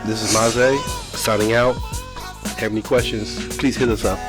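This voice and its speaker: A man's voice: fairly low pitch, fairly even intonation, moderate pace, music in the background. A man co-hosting a casual cigar podcast, teasing and arguing in banter. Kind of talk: casual chat.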